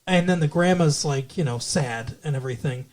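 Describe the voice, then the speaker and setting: A man's voice: fairly high pitch, normal speed, darkish tone. Man rambling through a TV recap. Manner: rambling, with many restarts and acted-out quotes. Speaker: podcast co-host. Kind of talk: casual chat recapping a TV episode.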